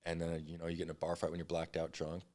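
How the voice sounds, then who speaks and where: A man's voice: sits low, completely flat delivery, racing, mellow. A man in his thirties, a podcast guest, telling his story bluntly with frequent swearing. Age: 30s. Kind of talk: candid storytelling interview.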